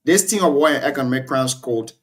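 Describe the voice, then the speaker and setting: Husky Liberian TV host. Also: male voice, medium pitch, expressive, fairly bright tone. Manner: measured, explanatory, reads quotes aloud. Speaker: TV talk show host. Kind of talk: studio talk show commentary.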